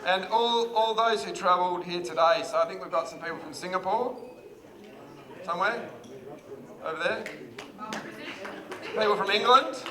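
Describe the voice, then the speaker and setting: With long pauses and a moderate pace, the high-voiced Australian groom, in his thirties, delivers a chatty wedding speech, poking fun at himself and laughing often. Guest chatter echoes through the big reception hall.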